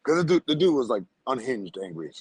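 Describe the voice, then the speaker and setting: Husky-voiced man telling a story. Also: medium pitch, fairly quick, no room sound, rough recording. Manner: animated storyteller, laughs often. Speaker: podcast co-host. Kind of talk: casual podcast chat.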